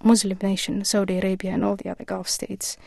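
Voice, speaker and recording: A woman guest in a radio interview, speaking earnestly and in a measured way with frequent pauses. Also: mid-range voice, level tone, gravelly, mellow, dry recording, clean studio sound. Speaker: author and guest.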